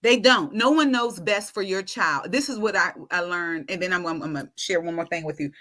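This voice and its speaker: A woman's voice: lowish voice, fairly quick, bright, forceful tone. A woman guest, an educator, talking casually and emphatically in a podcast conversation. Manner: emphatic and persuasive.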